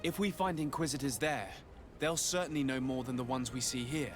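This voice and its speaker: An actor playing a composed young male noble envoy in a game, speaking in a measured, questioning way. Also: mid-range voice, close to an everyday voice. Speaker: player character. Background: faint game music.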